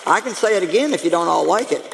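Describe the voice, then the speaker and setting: A woman pastor preaching a lively, humorous sermon to her congregation, calling out to them as she goes. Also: fairly low pitch, quick pace, creaky, long reverb tail, slight background noise. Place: church sanctuary.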